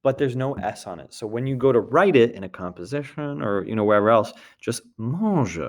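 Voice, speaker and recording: A man's voice: mid-range voice, lively intonation, fairly quick. Patient man teaching a grammar lesson. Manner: patient, repeats points, checks in with "d'accord". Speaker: French teacher. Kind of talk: recorded classroom grammar lesson.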